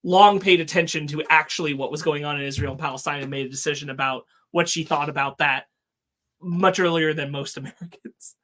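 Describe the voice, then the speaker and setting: A man co-hosting a casual podcast, his voice a bit higher than most men's. He talks earnestly, stopping and restarting as he works through his thoughts. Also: fairly even intonation, fairly quick, fairly bright tone. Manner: earnest, thinks aloud with restarts. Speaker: podcast co-host.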